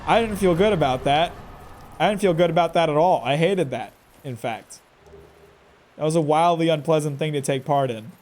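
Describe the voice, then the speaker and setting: A man's voice: a little high, moderate pace, a little mellow. A man commentating live on his own gameplay in a chatty way, talking to himself and to the enemy and exclaiming often. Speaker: game streamer.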